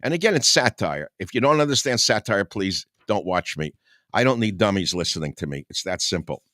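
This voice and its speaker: An older man with a low voice reads his own satire aloud, breaking off for sharp, combative asides. His delivery is sarcastic and chuckling, and the sound is dry and close to the mic. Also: lively intonation, brisk, no room sound. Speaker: radio talk host.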